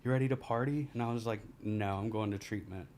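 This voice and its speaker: A man, a podcast guest telling a rambling, candid story and laughing through the dark parts. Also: on the low side, fast talker, slight background noise. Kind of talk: casual storytelling.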